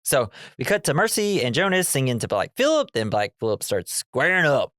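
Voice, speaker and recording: A man chatting casually on a movie podcast, recapping a film with laughs and quick goofy character voices. His voice sits in a middle register. The sound is dry and close. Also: mid-range voice, sing-song, a bit bright, dry recording. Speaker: podcast host.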